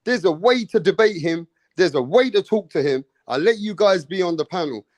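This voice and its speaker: Guy running a live boxing stream, bit high voice, dry close mic, swears a lot. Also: expressive, moderate pace, darkish tone, no room sound. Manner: blunt, swearing, mocking. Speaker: host of a live boxing talk show. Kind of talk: casual live-stream chat.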